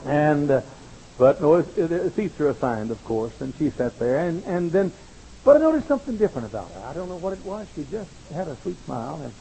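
Male preacher, high and insistent, drives points home by repeating them, wanders into wry anecdotes, faint hiss on the tape. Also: very animated, a little fast, vocal fry, mellow, poor audio. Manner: emphatic, repetitive exhortation; wry, rambling anecdotes with self-mocking asides. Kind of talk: sermon to college students.

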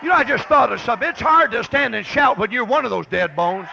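Revival preacher, a man, high gravelly voice, thunders and repeats his calls. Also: lively intonation, fast talker, highs cut off, background noise. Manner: shouting, thundering, repetitive exhortation. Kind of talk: fiery revival sermon. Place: church service with congregation.

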